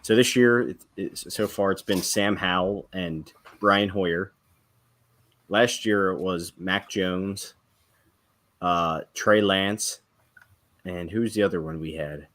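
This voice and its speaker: A man's voice: low-pitched, fairly even intonation, takes it slowly, fairly bright tone. A man co-hosting a casual sports podcast, breaking down plays analytically and quizzing the others on stats. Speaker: podcast co-host.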